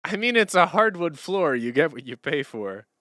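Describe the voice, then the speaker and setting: A man's voice: fairly high pitch, sing-song, normal speed, a bit bright, dry recording. Male streamer, casual rambling chat, clean dry close mic. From Canada. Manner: rambling, chatty, answers chat questions, laughs easily. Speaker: streamer and musician. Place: room at home, sitting on a hardwood floor.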